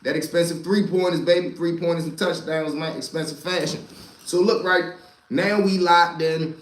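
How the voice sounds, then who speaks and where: A man whose voice sits on the high side speaks steadily at normal speed, telling a rambling, profane street story to a live audience in a loose style full of asides. He's a storyteller and channel host, and the recording has a roomy echo plus a little hiss or hum.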